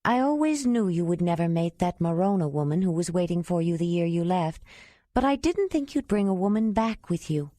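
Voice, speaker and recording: Woman voicing a chatty friendly young woman, confiding, mellow, dry sound. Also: on the low side, animated, brisk, no echo, natural voice.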